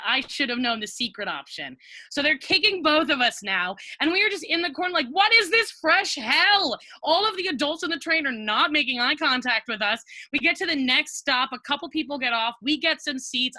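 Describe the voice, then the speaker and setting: A young woman telling a comic personal story on a video call, animated and self-mocking, acting out what people said. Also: high voice, no room sound. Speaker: storyteller, guest.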